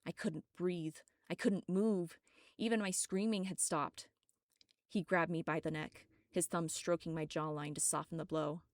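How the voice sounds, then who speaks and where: A woman reading her own story aloud as audiobook narration, steady and dramatic. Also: on the low side, unhurried, dry recording, clean studio sound.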